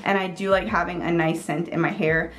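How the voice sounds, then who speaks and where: A woman's voice: lowish voice, fairly even intonation, a little fast. A woman vlogger giving a casual product review, chatty and upbeat, with plenty of "like" and "um". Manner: chatty, filler-heavy with frequent "like" and "um"; upbeat, gushing. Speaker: beauty vlogger.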